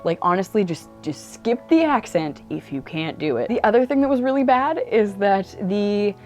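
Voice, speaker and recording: A woman's voice: mid-range voice, lively intonation, moderate pace, darkish tone, soft background music. A woman talking casually about books she has read, chatty and enthusiastic, with lots of "like" and "um". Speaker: book vlogger. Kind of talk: casual book review monologue. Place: indoors at home. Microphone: camera mic.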